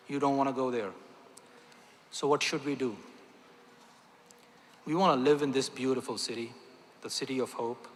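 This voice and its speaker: A man's voice: a little high, normal speed, fairly bright tone. Emphatic male speaker in a big hall. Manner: earnest, emphatic, addresses the audience directly. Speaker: doctor giving a convention speech. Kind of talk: religious convention speech. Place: large convention hall. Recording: long hall reverb.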